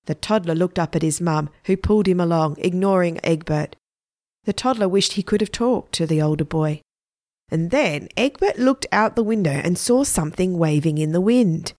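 A woman narrating a children's story in a plain, even manner. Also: lowish voice, normal speed, no room sound, studio quality.

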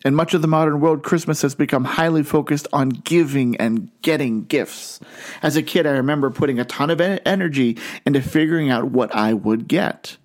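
A man preaching a sermon in an earnest way, slowing down and lifting his voice on key phrases. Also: on the high side. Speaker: pastor.

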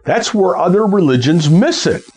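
A man's voice: high voice, lively intonation, moderate pace, darkish tone, husky. Emphatic man preaching a sermon. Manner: emphatic, repeats key words, stops to correct himself. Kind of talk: sermon reading and preaching on scripture.

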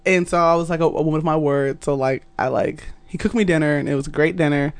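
A woman's voice: deep voice, fast talker. A young adult woman, a podcast guest, telling a story in casual chat, laughing often and acting out the voices of people she quotes.

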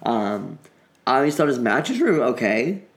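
Middle aged guy on a podcast, kinda halting, dry jokes. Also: mid-range voice, very animated, vocal fry. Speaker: podcast co-host. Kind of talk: casual podcast chat.

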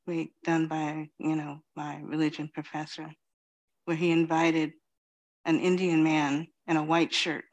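Speaking slowly and pausing often, a woman in her fifties delivers a reflective dharma talk without hurry. She is a Zen teacher from Queens, New York, with a low voice, and she scatters many "you know"s between her thoughts.

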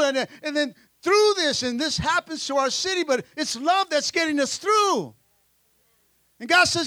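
A man preaches a lively sermon in a very high, bright voice. He drives his points home with repeated calls of "amen" and bursts into the voices of the characters he describes. The sound is close and dry. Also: normal speed, no echo. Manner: energetic preaching, frequent "amen", acts out disciples' voices. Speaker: pastor. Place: church sanctuary.

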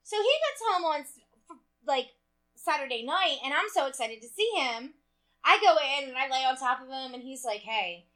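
A woman co-hosting a casual chat show, telling animated stories, acting out dialogue and swearing freely. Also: high voice, normal speed. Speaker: podcast co-host.

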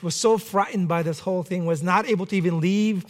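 A man, a pastor, preaching a sermon and telling a lively personal story in a church, sometimes shouting out the lines. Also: high voice, fairly quick. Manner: animated anecdote with acted shouts.

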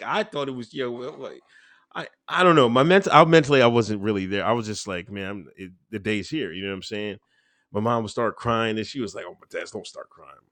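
A man's voice: medium pitch, fairly bright tone, no echo. Laid-back rambling man, dry sound. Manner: laid-back, rambling, full of fillers and laughs. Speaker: interview guest. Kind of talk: casual conversational interview.

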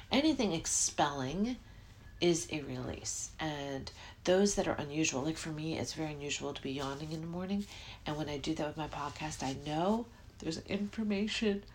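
Middle-aged woman, podcast host, low voice, rambling spiritual talk, faint room hiss. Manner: rambling, self-interrupting, yawning often. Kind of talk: casual spiritual podcast monologue.

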